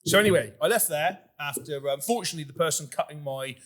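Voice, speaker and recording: A man's voice: fairly high pitch, fast, a bit bright. A young man co-hosting a podcast, rambling through crude, sweary stories and laughing often. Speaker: podcast co-host. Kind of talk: crude casual banter.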